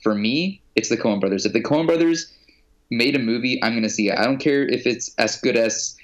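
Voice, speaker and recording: A man's voice: medium pitch, a little fast. A young man co-hosting a casual chat, talking eagerly about movies. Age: young adult. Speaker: podcast co-host.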